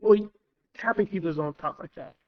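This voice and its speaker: A man co-hosting a podcast, explaining his views in a steady, opinionated way during a casual chat. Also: sits high, normal speed, highs cut off.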